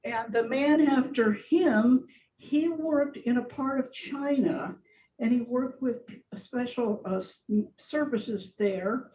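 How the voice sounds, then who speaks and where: Speaking slowly with a warm tone, an older woman guest speaker chats informally about her slides in a large church hall, laughing frequently. The recording is muffled, with hall echo, a distant mic and a faint rumble.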